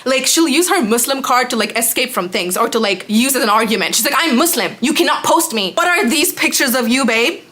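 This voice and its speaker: A young woman vlogger telling a storytime rant, animated and sarcastic, with lots of fillers. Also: fairly high pitch. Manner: animated, exasperated, sarcastic, talks fast with lots of 'like'.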